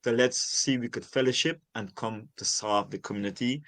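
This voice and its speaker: A man's voice: mid-range voice, moderate pace, fairly bright tone, dry recording. An older man from Guyana, an urban farmer talking as an interview guest, speaking passionately and emphatically, often repeating words to stress a point. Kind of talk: conversational interview.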